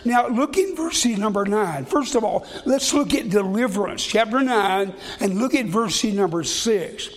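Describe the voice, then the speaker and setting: A man's voice: high-pitched, expressive, measured pace, hardly any pauses, in a large hall. A man preaching a sermon, reading scripture in a folksy way and often repeating and restarting his words.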